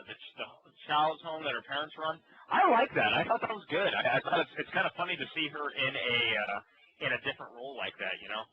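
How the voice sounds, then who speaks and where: A man's voice: on the high side, slight background noise. A man co-hosting a casual podcast, chatting with frequent fillers and laughter. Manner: laughing, halting, lots of fillers. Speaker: podcast co-host. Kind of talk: casual chat. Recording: muffled lo-fi audio.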